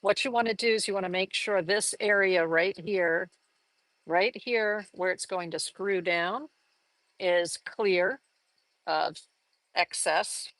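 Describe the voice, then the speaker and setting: A woman's voice: lowish voice, takes it slowly, a bit bright, no echo. A woman giving a live art lesson, chatting enthusiastically and thinking aloud as she works on a collage. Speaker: art teacher.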